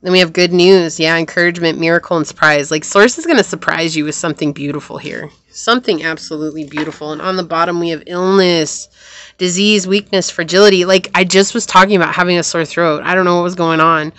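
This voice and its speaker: A woman's voice: fairly low pitch, fairly even intonation, quick pace, a bit bright, no room sound. A woman giving a casual tarot reading to camera, rambling and repeating phrases, with a sore throat. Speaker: tarot reader.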